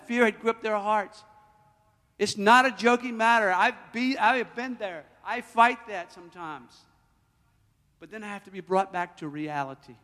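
A man preaching a sermon as pastor, emphatic, swinging between loud declarations and hushed, personal storytelling. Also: sits high, normal speed, in a large hall.

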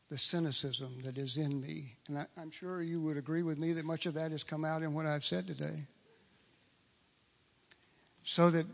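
Gravelly preacher with hall echo. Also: male voice, on the high side. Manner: emphatic, repeats phrases for stress. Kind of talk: sermon. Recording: long reverb of a large hall.

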